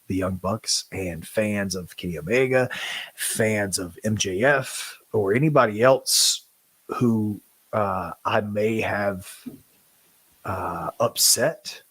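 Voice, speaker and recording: A man speaking as a podcast host, emotional, halting and apologetic in candid talk. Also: on the low side, fairly bright tone, slightly rough, no echo.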